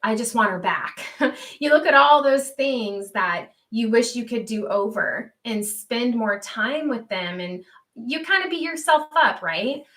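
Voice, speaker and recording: A woman's voice: fairly high pitch, animated, a little slow, a bit bright. A woman hosting a homestead livestream, chatting earnestly and reading viewer comments aloud, laughing easily.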